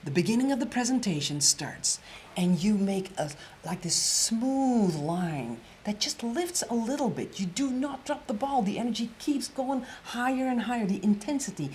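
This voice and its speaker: A woman presentation coach giving an energetic storytelling workshop lecture, repeating phrases and dropping to an emphatic whisper on key points. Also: on the high side, moderate pace, slight background noise.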